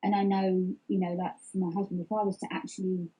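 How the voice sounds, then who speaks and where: Speaking a little fast in a mellow, husky medium voice with little pitch movement, this middle-aged woman talks openly as an interview guest. Her manner is reflective and candid, full of restarts and fillers, and the audio is poor.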